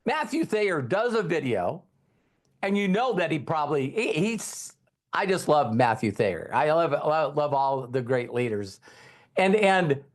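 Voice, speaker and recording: Lively high-voiced man giving motivational training. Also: measured pace. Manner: energetic, repeats key lines, quizzes the audience. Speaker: network marketing trainer.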